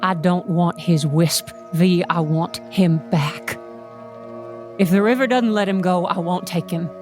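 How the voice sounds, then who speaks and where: A woman's voice: on the low side, measured pace, darkish tone, soft background music. Earnest, folksy woman playing her character. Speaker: player. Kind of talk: in-character tabletop role-play.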